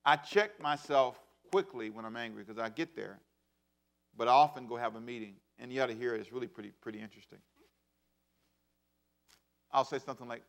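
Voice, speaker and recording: A man in his fifties preaching a sermon as pastor, swinging between loud bursts and hushed asides. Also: medium pitch, animated, quick pace. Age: 50s.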